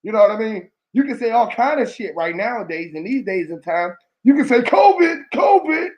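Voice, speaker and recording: Male storyteller, high voice, slangy and animated, plays out every quote in casual talk. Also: a little fast, muffled recording, noisy background.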